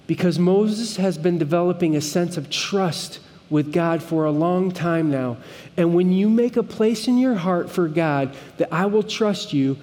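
Male pastor, sermon, high-pitched, earnest conversational delivery, long hall reverb. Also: a little mellow. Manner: earnest, conversational preaching with emphatic pleading moments.

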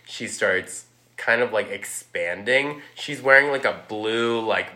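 A man with a fairly low voice and a bright, forward tone chats casually, rambling through a story. He leans on "like" constantly and slips into playful impressions as he goes. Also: slow. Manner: rambling, heavy use of "like", acts out quotes. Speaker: podcast guest recapping a film. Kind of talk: casual chat.

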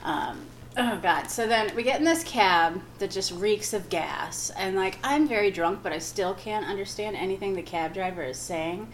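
Woman comic, animated anecdote delivery, laughs through it, acts out the quotes. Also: medium pitch, moderate pace, slight background noise. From Wisconsin. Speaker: guest comic. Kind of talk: casual storytelling.

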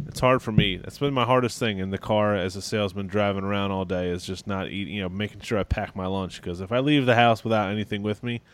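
A man's voice: lowish voice, steady tone, quick pace, few pauses. A man co-hosting a casual wrestling podcast, rambling with lots of fillers and restarts. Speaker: podcast co-host.

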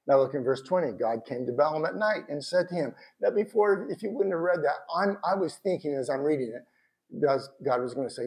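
A man preaching a sermon in a conversational, animated way, with bursts of shouted emphasis. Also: a little high, normal speed. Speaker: pastor.

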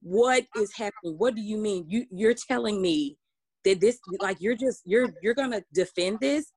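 A woman's voice: medium pitch, moderate pace, a little mellow, husky. A woman, co-hosting a casual podcast discussion, talking emphatically with many restarts. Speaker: podcast co-host.

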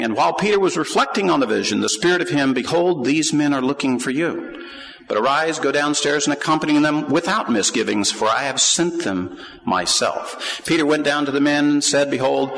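A man preaching a sermon and reading scripture to a congregation, his voice carrying a long reverb from the hall. He questions his listeners directly and climbs to emphatic, animated peaks. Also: mid-range voice, vocal fry.

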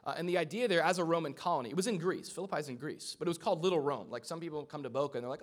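Man, pastor, slightly high-pitched, chatty sermon, humorous asides, church congregation. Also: rapid-fire, hardly any pauses. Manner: conversational, joking asides to the congregation. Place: church sanctuary with a live congregation.

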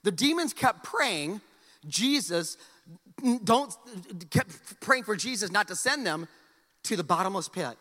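Lively, bright-voiced preacher in a reverberant church. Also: male voice, high-pitched, measured pace. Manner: conversational, joking, repeats words as he restarts. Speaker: pastor. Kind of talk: sermon.

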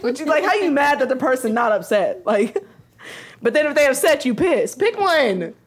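A woman with a high, very lively voice chats on a podcast. She tells stories expressively, plays out both sides of arguments and swears freely. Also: moderate pace. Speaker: podcast co-host. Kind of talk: casual chat.

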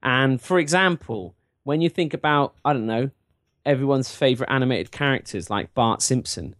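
A man's voice: medium pitch, normal speed, fairly bright tone, no room sound, clean studio sound. A man co-hosting a casual podcast chat, full of wry, self-pitying banter. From England. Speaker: podcast co-host.

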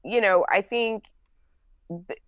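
A woman's voice: medium pitch, no echo, lo-fi sound. Frank woman from New Jersey, co-host. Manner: frank, conversational, with fillers and quick emphasis. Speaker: podcast co-host. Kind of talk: casual political chat.

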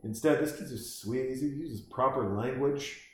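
With a beer in hand, this man watches a movie at home and talks through it in an unhurried, medium-pitched voice, the room giving a roomy sound. He meanders, cracks jokes, curses, and performs lines from the film.

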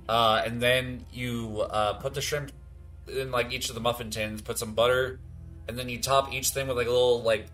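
A man's voice: mid-range voice, fairly bright tone. A man hosting a movie commentary who riffs on the film in a casual, profane, rambling way. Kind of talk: riffing over a film.

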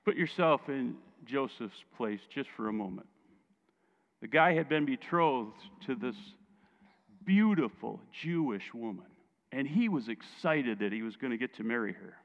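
Male pastor, gravelly voice, casual joking sermon, dull sound in a reverberant hall. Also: medium pitch, expressive, a little slow.

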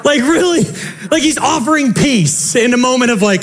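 A young male pastor delivers a playful, theatrical sermon. His voice sits high and swings widely, acting out the scenes and breaking into laughter. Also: animated, normal speed. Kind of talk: lively Easter sermon.

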